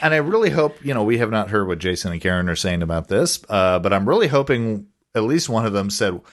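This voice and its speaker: A man's voice: lowish voice, very animated, quick pace. A man co-hosting a podcast in casual chat, rambling with frequent restarts and chuckles. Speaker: podcast co-host.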